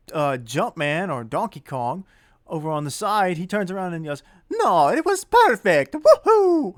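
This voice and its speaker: A man's voice: a little high, clear, resonant tone, no echo, clean studio sound. A man giving a casual spoken movie review, rambling with many fillers and self-corrections and chuckling now and then. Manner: chuckles as he talks.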